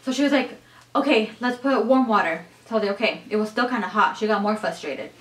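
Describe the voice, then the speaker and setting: A young adult woman vlogger telling a personal story in a chatty, animated way, full of "like" and "you guys". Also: medium pitch, fast talker, distant mic. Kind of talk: casual storytelling to camera. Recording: echoey room.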